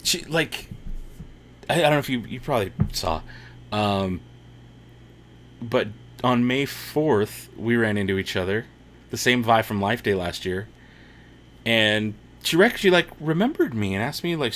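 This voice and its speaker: A man's voice: medium pitch, expressive, measured pace, long pauses, fairly bright tone. A man hosting a casual watch-party livestream, reading chat comments aloud and laughing often.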